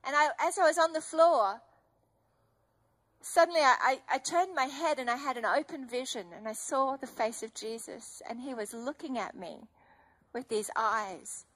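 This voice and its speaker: A woman's voice: sits high, normal speed, fairly bright tone. A middle-aged woman preaching an emotional, earnest testimony sermon. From Australia.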